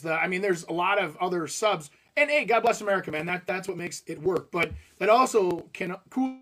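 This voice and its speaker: Lively high-voiced realtor man. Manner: animated, jokey, laughs while telling stories. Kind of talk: casual storytelling chat.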